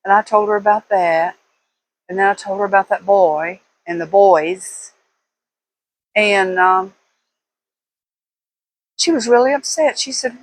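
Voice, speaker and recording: A woman's voice: mid-range voice, low-quality recording. Older woman rambling through memories. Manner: rambling, reminiscing, with slow pauses and fillers. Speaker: vlogger. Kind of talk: casual monologue to viewers.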